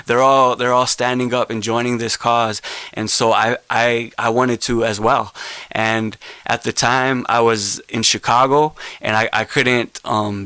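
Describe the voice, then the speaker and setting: Earnest man telling his story, flat pitch. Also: smooth, no room sound. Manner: earnest, halting with restarts, grows emotional. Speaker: keynote speaker. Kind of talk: personal storytelling keynote.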